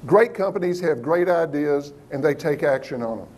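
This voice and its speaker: Male business speaker with a high voice, motivational and punchy with the crowd. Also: moderate pace. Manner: lively, engaging, questions the audience. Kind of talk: motivational talk to a live audience.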